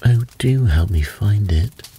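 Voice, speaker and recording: A man's voice: fairly low pitch, animated, slow, mellow, a little hiss or hum. A man voicing a small, frightened male pixie elf who pleads anxiously. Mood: pleading. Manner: plaintive, anxious.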